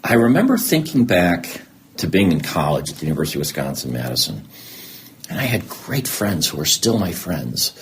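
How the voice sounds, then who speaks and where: Deep-voiced man, candid and lively. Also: slight background noise. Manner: acts out remembered conversations, self-deprecating humor. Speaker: guest. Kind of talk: candid conversational storytelling.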